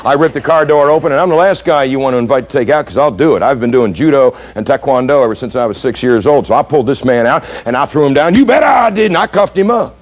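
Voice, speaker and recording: With a mid-range voice, this man talks fast and barely pauses. He trains police in the United States, and in this lecture he tells stories with animated punch while putting questions to the audience.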